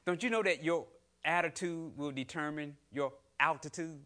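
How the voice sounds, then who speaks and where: A middle-aged man delivers a sermon in a bright, slightly high voice. He questions the congregation, acts out grumbling people, and builds to loud, fervent exhortation. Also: normal speed. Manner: call-and-response preaching, rising to loud exhortation. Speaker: lay preacher.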